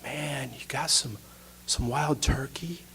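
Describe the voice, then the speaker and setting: A man voicing his hypothermic friend, who slurs and mumbles faintly and slowly. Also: mid-range voice, fairly bright tone, a little hiss or hum, pitched above the performer's own voice. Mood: slurred weak. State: hypothermic and weak. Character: hypothermic grown man, slurring and fading.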